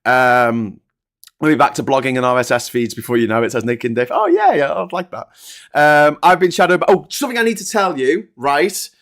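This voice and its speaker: A man's voice: mid-range voice, brisk, fairly bright tone. A man, hosting a casual live-stream chat, ranting and joking with lots of swearing. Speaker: host.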